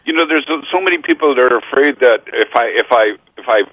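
A man's voice: mid-range voice, lively intonation, fast, breathy edge, no echo, highs cut off. A man with a Minnesota accent, a guest author on a casual radio interview. He is easygoing and agreeable and often repeats his words.

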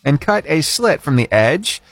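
A man's voice: on the high side, very animated, unhurried, a bit bright, no room sound. A man hosting a short radio feature segment, telling the story in a chatty, playful way with punchy emphasis. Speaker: radio host.

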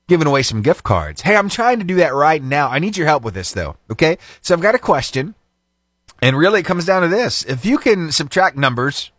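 A man's voice: a little high, a bit bright, dry recording, studio quality. A male radio host telling a feel-good story in an upbeat way, laughing often and acting out the dialogue he quotes.

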